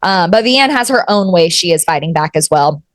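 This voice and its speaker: Young woman, co-host, low-ish voice, rambling, filler-heavy summarizing, dry close mic. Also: animated, normal speed, no echo. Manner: rambling synopsis with many fillers and apologies. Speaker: podcast co-host. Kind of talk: casual book club chat.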